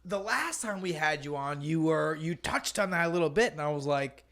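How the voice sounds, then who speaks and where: A man's voice: a little high, animated, moderate pace, hardly any pauses, fairly bright tone. A man co-hosting a podcast, joking and teasing with casual swearing. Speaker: podcast co-host.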